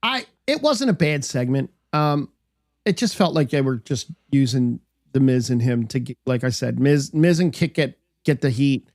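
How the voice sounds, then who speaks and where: A man's voice: medium pitch, lively intonation, normal speed, darkish tone, dry recording, clean studio sound. A man co-hosting a podcast, chatting easily about games and wrestling, thinking aloud with restarts. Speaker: podcast co-host. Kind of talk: casual wrestling chat.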